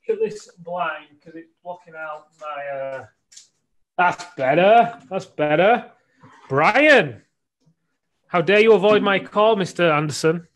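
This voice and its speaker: A man's voice: high voice, slow pace, a bit bright. A man from England who coaches men hosts a casual live-stream interview, chatty and playful, with frequent asides. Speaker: men's coach hosting a live show.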